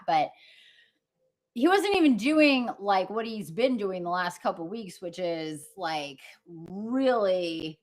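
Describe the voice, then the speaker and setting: Woman host, casual livestream talk, unhurried and meandering, chatty with lots of fillers and self-corrections, easy laughter. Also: medium pitch, a bit bright. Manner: laughs easily while talking. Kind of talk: casual rambling livestream chat.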